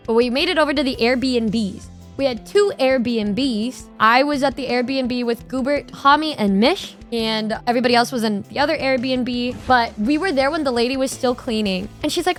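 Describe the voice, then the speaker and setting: A young woman streamer casually telling a story, excitable and laughing often, with lots of slang. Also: high-pitched. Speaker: VTuber streamer.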